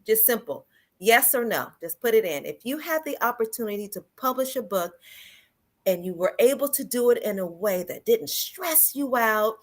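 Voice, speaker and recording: A woman hosting a livestream, talking upbeat and greeting viewers in the chat. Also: mid-range voice. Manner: upbeat, addressing online viewers. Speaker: livestream host. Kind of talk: livestream interview.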